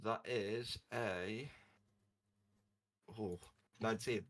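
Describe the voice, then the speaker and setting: Low, bright-voiced man playing a tabletop game. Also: drawn-out words. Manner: casual, swears when surprised. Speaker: player. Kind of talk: casual tabletop game chat.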